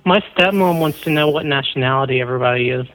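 A man's voice: medium pitch, fast talker, a bit bright, poor audio. A man in a casual chat, answering with dry, teasing quips.

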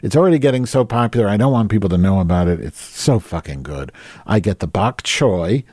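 Male solo podcaster, lower voice with wide swings, crude and sarcastic rambling; dry close-mic sound. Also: animated, a little fast, darkish tone, slightly rough, no echo. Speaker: podcast host. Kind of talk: solo profane rant.

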